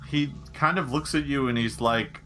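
A man's voice: medium pitch, moderate pace, pushed and bright, faint music behind. A man narrating as game master of a tabletop game, loose and amused.

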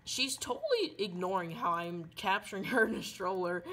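A woman doing loud, silly running commentary while playing a game. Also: mid-range voice, very animated, brisk, few pauses. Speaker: gaming video creator.

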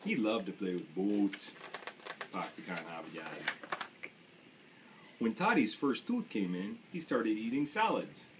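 A man from Michigan reading a picture book aloud in a playful put-on Maine accent, with a muttered low refrain between pages. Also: big pitch swings, measured pace, long pauses, background noise. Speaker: reader.

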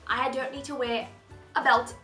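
A high, bright young woman gushes through a casual fashion haul in a bubbly, chatty way. Her voice rings in an echoey room, with faint music playing underneath. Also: level tone, moderate pace. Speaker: fashion vlogger.

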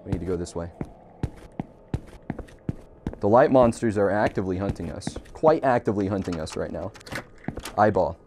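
A man's voice: deep voice, expressive, moderate pace, pauses often, noisy background. A man giving jokey, profane commentary while playing a horror game, nervous and talking to himself. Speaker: gamer.

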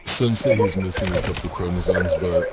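A man's voice: sits low, a little fast, heavy background noise. A man teasing another player over game voice chat in a dry, mocking way. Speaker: online player. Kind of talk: voice chat banter.

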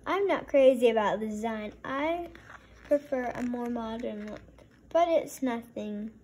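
A woman's voice: a little high, lively intonation, a little slow, a little mellow, slightly rough. A woman voicing a small, proud male donut who is polite, dramatic and easily alarmed. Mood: fussy.

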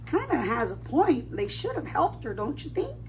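A woman's voice: sits high, huge pitch swings, normal speed, a little hiss or hum. A woman preschool teacher reading a picture book aloud to young children, stopping often to ask them questions. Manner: asks children questions, warm sing-song asides. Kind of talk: storybook read-aloud for children.

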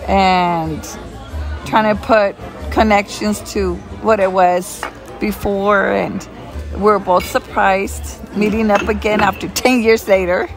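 A woman's voice: medium pitch, steady tone, slow pace, music in the background, a crowd in the background. A woman in her fifties casually telling a story in a restaurant, acting out both sides of old conversations. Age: 50s. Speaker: interviewee telling how she met her husband.

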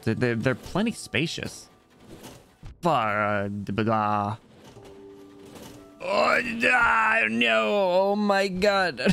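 A man giving excitable, exclamatory live commentary as he plays a game and chats with his viewers. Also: medium pitch. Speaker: streamer.

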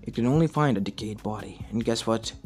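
A man's voice: on the low side, a little fast, darkish tone, soft background music. A man narrating a fan story in a plain, run-on storytelling way.

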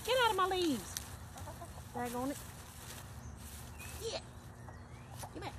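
A woman's voice: very high-pitched, sing-song, slow, noisy background. A woman in a casual vlog, scolding her chickens in an exasperated, chiding way in an outdoor backyard garden, filmed on a phone. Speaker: backyard homesteader.

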